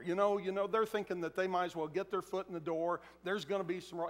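A pastor delivers a relaxed, conversational sermon and slips into acted quotes. His voice is fairly high for a man. A long reverb from the big church auditorium trails each phrase. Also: a little fast. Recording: echoey hall.

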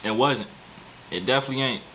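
A man hosting a music reaction channel, giving excitable, slangy commentary and talking straight to his viewers. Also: medium pitch, fast talker, slight background noise.

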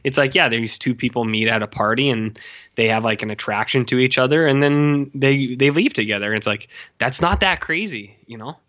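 A man's voice: mid-range voice, a little fast. Rambling man on a dull lo-fi mic. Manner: rambling, heavy use of "like" and "uh" fillers; animated retelling of scenes. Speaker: podcast co-host. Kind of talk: casual film review chat.

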